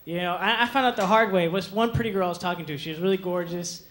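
High-voiced young male stand-up comic. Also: slight background noise. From Mexican heritage. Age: young adult. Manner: animated, puts on quick voices for quoted people. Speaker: stand-up comedian. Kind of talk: stand-up comedy set. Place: comedy club stage. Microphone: handheld stage mic. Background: audience laughter.

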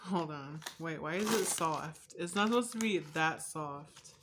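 A young woman vlogging a casual taste test, candid and chatty, swearing freely and drifting between soft asides and loud laughing outbursts. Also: sits low, unhurried, a little hiss or hum.

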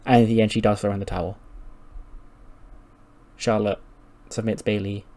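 A man narrating a wrestling management game in a loose, chatty way. He swears freely and slips into the characters' voices as he goes. His pitch sits in the middle. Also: level tone, normal speed, dark tone. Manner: casual, swears, acts out characters. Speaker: game commentator. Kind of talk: narrating a wrestling sim playthrough.

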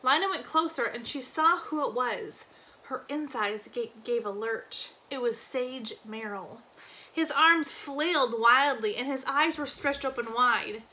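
A woman reading a novel aloud in an expressive storybook narration. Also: sits high, measured pace, poor audio. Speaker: reader.

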